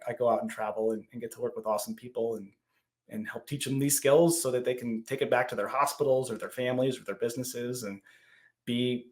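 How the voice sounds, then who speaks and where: A man in his thirties, a podcast guest, chatting casually and acting out his own quoted lines as he tells stories. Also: mid-range voice. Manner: animated storytelling, acts out quoted lines. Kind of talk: casual interview chat.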